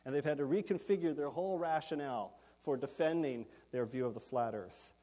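Man preaching, explains word meanings; a bit high, reverberant hall sound. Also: a little fast, mellow. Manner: expository, explains Greek words, gives note points. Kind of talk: sermon.

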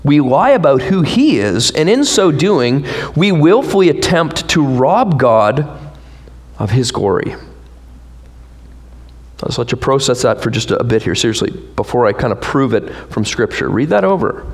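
A man preaching a sermon as pastor, animated, with rhetorical questions and joking asides to the congregation. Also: medium pitch, moderate pace.

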